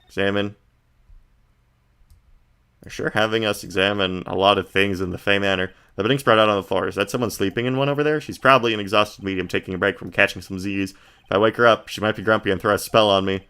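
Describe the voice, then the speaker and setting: A man's voice: steady tone, quick pace, a bit bright, smooth. A man streaming a game, reading the game text aloud in a casual, laid-back way, often murmuring his asides. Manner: laid-back, reads descriptions in a low murmur.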